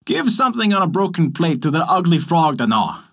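Casting: man reading a cranky fairy-tale father, husky and lively. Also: on the high side, brisk. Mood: commanding. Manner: gruff commands, easily angered. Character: weary, grumbling old father of three girls. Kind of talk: storybook character voice.

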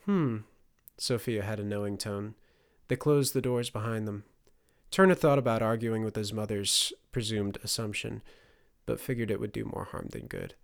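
A man narrating a fantasy audiobook in a steady storytelling delivery. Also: lowish voice, moderate pace, gravelly.

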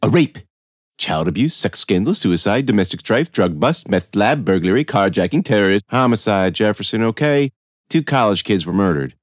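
A man's voice: lowish voice, animated, moderate pace, dry recording, studio quality, natural voice. A man doing an exasperated blunt detective. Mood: impatient. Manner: blunt and impatient.

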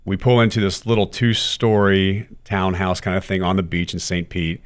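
A middle-aged man giving a candid interview, telling his stories with animated quoted dialogue and frequent cursing. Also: sits low, normal speed, clean tone. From United States. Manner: animated storyteller, curses freely, acts out quotes. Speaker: guest, former baseball player.

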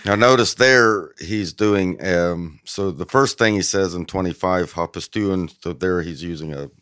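A man with a very low voice, a podcast guest explaining the grammar of Greek scripture. He talks with emphasis and pauses on ums. The sound is dry and close. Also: a bit bright, smooth, dry recording. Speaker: guest scholar. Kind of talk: casual theological explanation.

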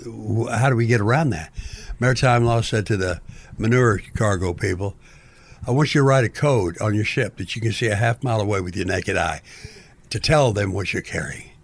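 Older man, low voice, theatrical storyteller, playful rambling guest. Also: normal speed, creaky. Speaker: guest, author. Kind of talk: rambling interview talk.

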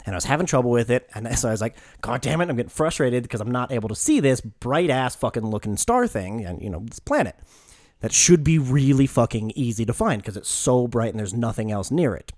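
A man's voice: mid-range voice, expressive, brisk, a little mellow, dry recording, clean studio sound. A young American man co-hosting a podcast, telling a story in casual chat and swearing often. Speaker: podcast co-host.

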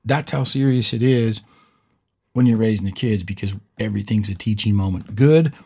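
A podcast co-host with a low, husky voice tells a story at a moderate pace in casual chat. He is an animated storyteller who acts out quotes.

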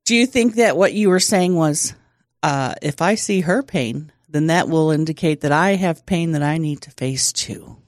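A woman's voice: sits low, moderate pace, no echo, clean studio sound. A woman co-hosting a comedy podcast, teasing her partner and laughing easily in casual chat. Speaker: podcast co-host.

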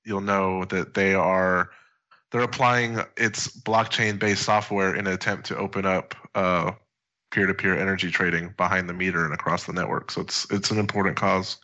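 A man's voice: sits low, flat delivery, normal speed, pushed and bright. A man co-hosting a casual podcast, introducing guests in a loose, rambling way with lots of fillers. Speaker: podcast co-host. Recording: dull lo-fi audio.

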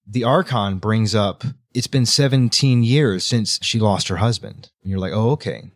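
A man's voice: lowish voice, no room sound, clean studio sound. A man hosting a casual book discussion podcast, recapping a chapter in a chatty way. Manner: chatty retelling, acting out characters. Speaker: podcast host.

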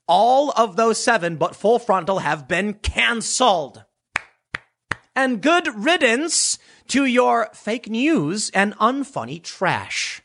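A man's voice: high voice, a bit bright, breathy edge. A man delivering an opinionated commentary monologue, sarcastic and mocking, slipping into impressions of others. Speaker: political commentator.

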